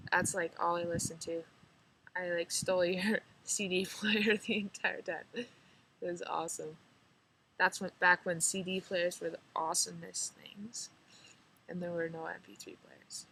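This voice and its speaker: A woman's voice: mid-range voice, a bit bright, slight background noise, rough recording. A teenage girl with a slight rural drawl, chatting casually to her camera in a rambling, giggly way, full of "like". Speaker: vlogger.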